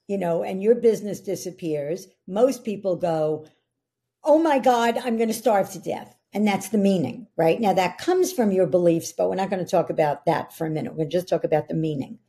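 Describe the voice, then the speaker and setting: A woman's voice: on the low side, fairly quick, few pauses, warm tone, breathy edge. A middle-aged woman, a podcast guest, explaining ideas in an earnest coaching tone. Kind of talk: interview conversation.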